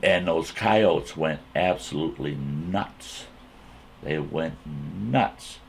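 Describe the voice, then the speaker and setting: A man telling a folksy campfire story in an animated way, repeating himself as he builds the scene. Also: a bass voice, vocal fry, a little hiss or hum. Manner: drawn-out, repetitive, animated retelling.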